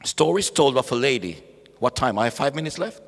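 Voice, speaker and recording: A man preaching at a bible study, animated, calling out to the congregation and acting out voices. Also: medium pitch, a little fast. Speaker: pastor. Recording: echoey hall.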